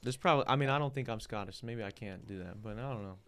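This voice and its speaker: A man's voice: fairly low pitch, very fast, fairly bright tone. A man hosting a casual podcast chat, loose and joking, swearing freely and calling his guest bro. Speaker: podcast host.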